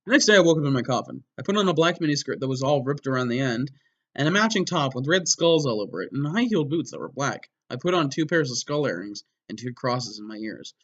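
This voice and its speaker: A man giving a mock-dramatic reading of a story, breaking off for wry, deadpan sarcastic asides. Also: mid-range voice, fairly quick, dull audio. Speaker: comedic reader.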